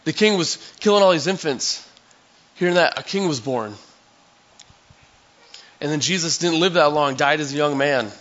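A man's voice: on the high side, normal speed, long pauses, fairly bright tone, lo-fi sound. A male pastor giving a sermon in a conversational, storytelling way, acting out scenes for his listeners.

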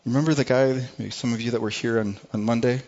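A man's voice: mid-range voice, steady tone, fast, a little mellow, muffled recording. A male pastor preaching a sermon to a congregation, speaking conversationally, repeating words and asking the room questions. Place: church service before a congregation.

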